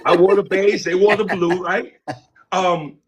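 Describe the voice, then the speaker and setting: Male interview guest, high voice, animated storyteller who acts out the dialogue. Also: unhurried, a little hiss or hum. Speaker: interview guest, music producer. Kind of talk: casual storytelling.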